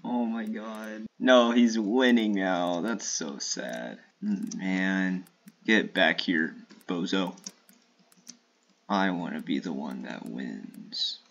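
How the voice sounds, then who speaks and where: A man streaming a shooter game in casual live commentary, swearing and trash-talking opponents with sudden excited outbursts. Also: low-pitched, drawn-out words, creaky, muffled recording.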